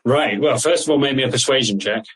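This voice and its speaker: A man's voice: mid-range voice, quick pace, a bit bright, poor audio. A man narrating as the game master of an improvised tabletop game, loose and casual, swearing freely.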